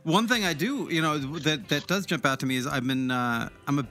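A man's voice: a little high, expressive, fairly quick, sharp tone, soft background music. A man hosting a podcast, chatting enthusiastically about films and actors with a guest, often restarting his sentences. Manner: chatty, enthusiastic film talk with many restarts. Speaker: podcast host. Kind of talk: casual interview chat.

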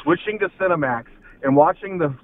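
A man's voice: fairly high pitch, expressive, brisk, vocal fry. Nostalgic male caller on a phone line. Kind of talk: phone-in storytelling.

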